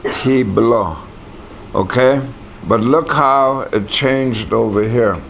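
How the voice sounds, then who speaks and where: A man's voice: medium pitch, slow, fairly bright tone. A man teaching a language class, patiently saying words aloud for the students to repeat.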